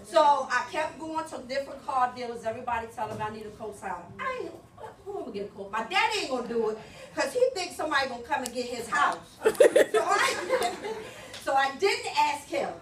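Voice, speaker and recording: A woman with a high voice gives a church testimony, telling her story with lively energy and acting out each side of the conversations. She is heard from a distance, and her voice rings around a reverberant hall. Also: brisk, a little hiss or hum. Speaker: church member giving a testimony. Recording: echoey hall, picked up from far off.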